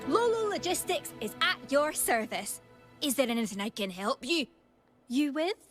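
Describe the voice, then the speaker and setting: A woman's voice: high-pitched, sing-song, moderate pace, a bit bright, soft background music. An actress with a Scottish accent playing a cheery young woman who runs a delivery service in a video game, using an eager customer-service manner. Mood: chipper.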